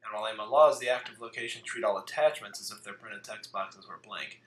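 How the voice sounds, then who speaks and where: A man's voice: lowish voice, fairly bright tone. A man hosting a casual tabletop card game podcast, reading rules aloud and cracking jokes. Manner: jokey, reads rules aloud briskly. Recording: echoey room with faint background hiss.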